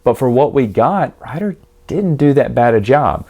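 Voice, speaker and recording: A man talking through a children's book in a loose, rambling review, tossing in wry comments along the way. His voice sits in a plain middle pitch, with an everyday, unpolished delivery. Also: sing-song, normal speed, dark tone, slightly rough. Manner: chatty, rambling, wry, acts out the characters. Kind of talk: casual book review monologue.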